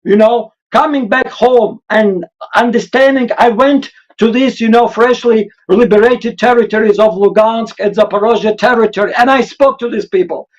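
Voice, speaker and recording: Emotional high-voiced Russian-accented man. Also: normal speed, hardly any pauses, dull audio. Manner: emotional, urgent, accented non-native English. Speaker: guest. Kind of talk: impassioned interview answers.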